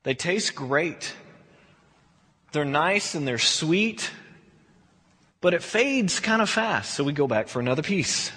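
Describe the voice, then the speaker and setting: Man, pastor, high husky voice, chatty sermon with restarts, long hall reverb. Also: sharp tone. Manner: conversational, repeats words when restarting.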